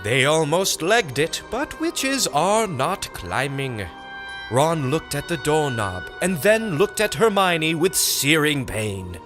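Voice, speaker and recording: Slow, animated male audiobook narrator. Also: a little high, over music. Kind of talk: deadpan reading of a comic nonsense story.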